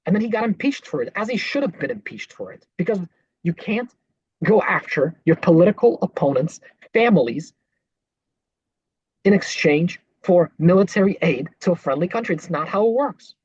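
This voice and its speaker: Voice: medium pitch, lively intonation, moderate pace, darkish tone, husky, dry recording. A podcast host giving political commentary between clips, rebutting with indignant sarcasm. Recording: dull lo-fi dry recording.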